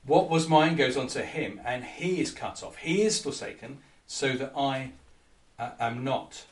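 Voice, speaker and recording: A man giving a conversational sermon, often pausing with ums and uhs. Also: mid-range voice, vocal fry. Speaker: preacher. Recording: echoey room, mic at a distance.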